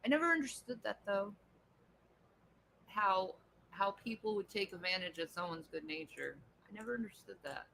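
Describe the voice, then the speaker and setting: A woman's voice: medium pitch, moderate pace, vocal fry, fairly bright tone, slight background noise, low-quality recording. A woman chatting casually on a home livestream, answering viewer comments, laughing often and cooing at her pet.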